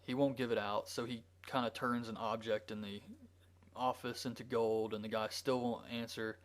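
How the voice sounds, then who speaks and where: A man's voice: mid-range voice, little pitch movement, moderate pace. A man reviewing a movie, retelling the plot in a loose, rambling way with frequent filler words. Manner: rambling, with frequent ums and likes. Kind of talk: casual plot recap.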